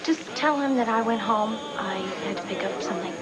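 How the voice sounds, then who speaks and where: An actress playing an animated young woman in a 1980s TV soap opera. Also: on the high side, lightly acted. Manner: animated, quick to laugh. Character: lively young woman in love. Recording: hissy old TV broadcast recording.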